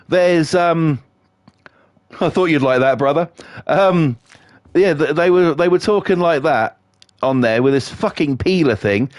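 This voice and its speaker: A man's voice: on the high side, dry recording, clean studio sound. A middle-aged British man ranting sarcastically, telling swear-filled everyday stories while streaming a game. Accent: British English. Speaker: livestreamer. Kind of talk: casual ranting chat.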